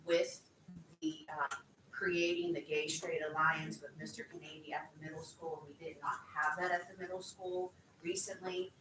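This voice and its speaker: A woman speaks haltingly and with feeling, her voice low for a woman yet bright. She is picked up from a distance in an echoey meeting room. A faint hum of room noise sits behind her. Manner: emotional, halting, with fillers. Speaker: teacher speaking at public comment. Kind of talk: public comment at a meeting. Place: school board meeting room.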